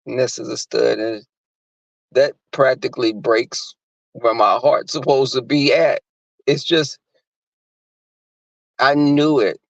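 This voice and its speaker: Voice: mid-range voice, slow, gravelly, long pauses, dry recording. A person giving casual, profane commentary on a reality show, often jumping into mocking impressions. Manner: animated, jumps into mocking impressions of people. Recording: dull lo-fi dry recording.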